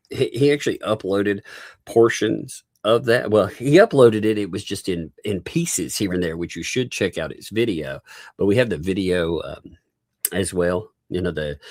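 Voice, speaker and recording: A man's voice: medium pitch, no room sound, studio quality. A man with a Southern US accent hosting a live commentary stream, sarcastic and amused, chuckling often as he talks. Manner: chuckles often while talking. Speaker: livestream host.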